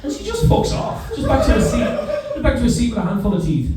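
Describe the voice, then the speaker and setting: A man's voice: extremely high pitch, wildly swooping pitch, a little fast, recorded from a distance. A young man doing a wry, self-deprecating stand-up set, swearing freely. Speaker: stand-up comedian. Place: comedy club stage with audience. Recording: roomy club sound with crowd laughter.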